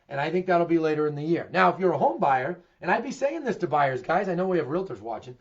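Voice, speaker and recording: A man's voice: a little high, animated, fast, few pauses. A middle-aged man with a Boston accent gives a candid real estate market update, asking himself questions and answering them emphatically. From Massachusetts. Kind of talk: direct-to-camera market commentary. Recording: dull lo-fi recording.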